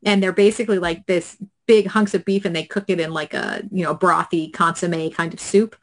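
A woman's voice: lowish voice, fairly even intonation, fairly quick, a little hiss or hum. A woman co-hosting a podcast, chatting casually and laughing easily with her co-hosts. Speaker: podcast co-host.

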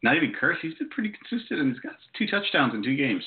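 A man co-hosting a casual sports chat, teasing and lively, over phone-like audio with faint noise. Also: fairly high pitch, fast talker. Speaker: co-host.

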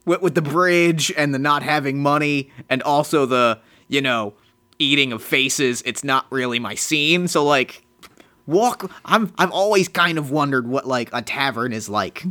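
A man's voice: medium pitch, measured pace, bright, forceful tone. A man voicing a lonely, poetry-loving male bridge troll who talks in a chatty, hesitant way. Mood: curious.

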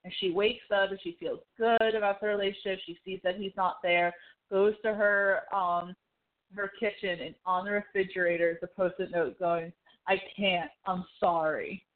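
A woman's voice: medium pitch, normal speed. Chatty woman over a phone-like line. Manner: rambling, animated storytelling full of "like". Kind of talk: casual chat recapping a TV show. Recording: phone-like narrow sound.

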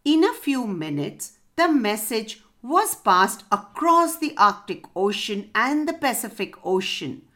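A woman hosting a children's story podcast, narrating with a gentle, expressive read-aloud delivery. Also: fairly high pitch, measured pace, hardly any pauses.

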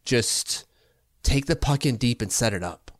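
A man's voice: mid-range voice, animated, a little slow, dry recording, clean studio sound. A man co-hosting a casual hockey podcast, talking through his opinions with frequent restarts and fillers. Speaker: podcast co-host. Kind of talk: casual sports talk.

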